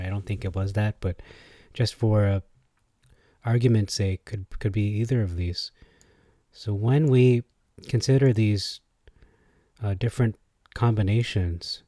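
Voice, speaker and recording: A man's voice: fairly low pitch, warm tone, dry recording, clean studio sound. A man explaining things in a casual spoken video. He thinks aloud and hesitates, and he tries out different pronunciations as he goes.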